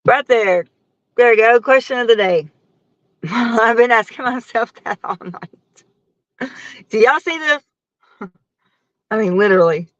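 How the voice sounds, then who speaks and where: A tired woman, worn out after a long work shift, rambles and laughs often while chatting with viewers on a casual livestream. Her voice is fairly high and animated, at a measured pace with frequent pauses. The dry phone-mic audio sounds dull, with no echo.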